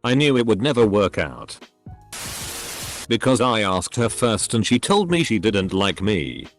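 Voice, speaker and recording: Low synthetic male narrator voice. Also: very animated, a little slow, soft background music. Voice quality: synthetic computer voice. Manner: reads short clipped sentences one after another. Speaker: narrator reading posts aloud. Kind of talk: text-to-speech reading of online posts.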